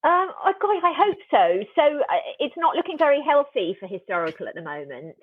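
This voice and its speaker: A woman's voice: high voice, big pitch swings, a little fast, no room sound. Woman, author guest, wry and thoughtful, narrow tinny phone line, dry. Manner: thoughtful, restarts often, wry. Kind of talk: casual interview chat.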